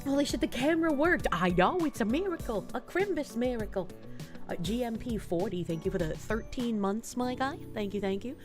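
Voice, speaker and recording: A young adult woman live streaming and reading out chat in casual talk, swearing often and swinging between soft mumbling and loud outbursts. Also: a little high, lively intonation, brisk, faint music behind.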